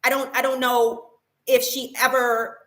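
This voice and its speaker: Bright-voiced woman telling an indignant story. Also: high voice, little pitch movement, measured pace. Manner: emotional, indignant retelling with many restarts. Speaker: vlogger. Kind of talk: personal story vlog.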